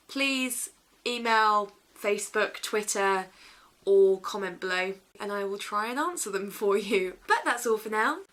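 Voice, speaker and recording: A woman vlogging casually, playful and silly, swinging between dry asides and excited bursts. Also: medium pitch. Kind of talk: casual vlog chat.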